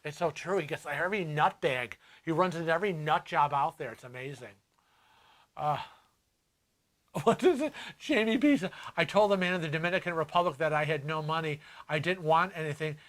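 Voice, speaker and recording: Bright-voiced older man chatting lively. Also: on the high side, a little fast. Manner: lively, laughs often, acts out quoted voices. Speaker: host. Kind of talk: casual livestream chat.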